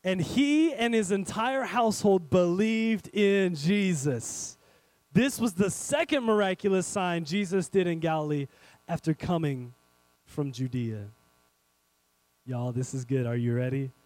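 A man preaching a sermon, animated and speaking straight to his congregation, swinging between loud and hushed. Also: sits high, measured pace, no echo, low-quality recording. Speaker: pastor.

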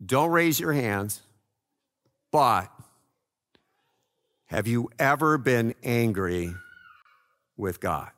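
Slow, animated male preacher. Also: mid-range voice. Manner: slow, earnest preaching with swings between loud and hushed. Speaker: pastor. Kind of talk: sermon.

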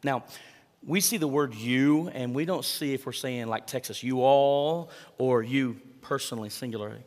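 A man delivers a sermon in a mid-pitched voice. He preaches conversationally and keeps putting questions to the congregation. His voice carries a long reverb, as if in a large church hall. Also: a little fast. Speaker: pastor.

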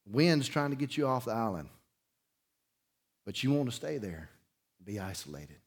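A middle-aged man, preaching a sermon through a folksy personal story, swinging between loud bursts and quiet emphasis. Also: mid-range voice, very animated, normal speed, slightly rough. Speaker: pastor.

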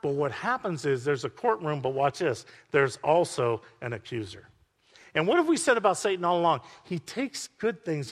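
A man preaching a sermon to a congregation, animated and full of call-outs to the listeners. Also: on the high side. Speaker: pastor. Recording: long hall reverb.

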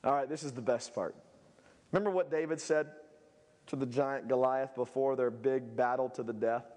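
A male pastor preaching a sermon, swinging between shouted peaks and low, quiet asides. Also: steady tone, moderate pace, long reverb tail.

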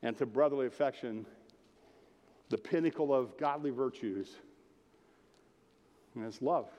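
A man's voice: mid-range voice, measured pace, darkish tone. A man preaching a sermon as pastor, casual and jokey, talking straight to the congregation. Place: church. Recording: long hall reverb.

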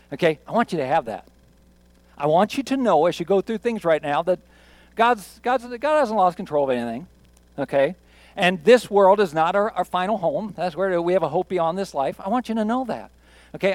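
High-voiced, chatty male pastor preaching. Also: no room sound. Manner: conversational, jokey, emphatic with repeats. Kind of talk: sermon.

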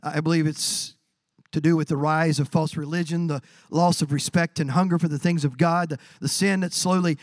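A man preaching a sermon as pastor, building to drawn-out shouted emphasis. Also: on the high side, fairly even intonation, dry recording.

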